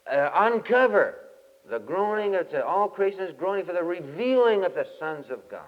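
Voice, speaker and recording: Man, folksy camp preacher, lively storyteller; old dull tape, long hall reverb. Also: fairly high pitch, normal speed. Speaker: camp meeting speaker. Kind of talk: folksy sermon with humorous anecdote.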